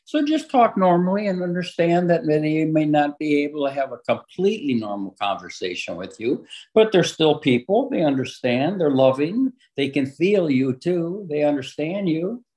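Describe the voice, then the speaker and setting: A man's voice: on the high side, lively intonation, moderate pace, dark tone, poor audio. A man speaking in an interview, giving plain-spoken, emphatic advice and repeating his key points. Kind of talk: earnest conversational advice.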